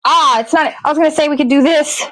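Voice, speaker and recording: Slightly high-voiced woman swearing casually. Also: fast talker, fairly bright tone, poor audio. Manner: rambling, swears freely, talks to herself. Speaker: host. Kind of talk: casual chat while baking. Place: home kitchen.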